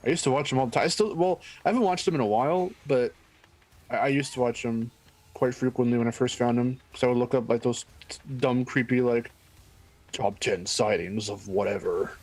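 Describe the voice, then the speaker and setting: A man's voice: mid-range voice, brisk, darkish tone. A young man co-hosting a game stream, rambling and correcting himself as he chats. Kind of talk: casual chat.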